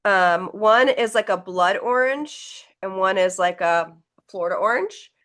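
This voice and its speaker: A woman's voice: medium pitch, measured pace, fairly bright tone. Chatty woman teaching a painting class. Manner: chatty, encouraging, talks while demonstrating. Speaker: painting instructor. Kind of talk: live online painting class.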